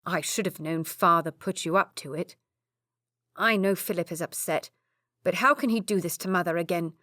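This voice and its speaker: A remorseful young lord in an audiobook, fretting over what he has done, as a woman narrator reads him. The voice sits a little low and is recorded dry and close. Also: normal speed, sharp tone, no room sound. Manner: remorseful, anxious. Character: young nobleman Charles, guilt-ridden brother.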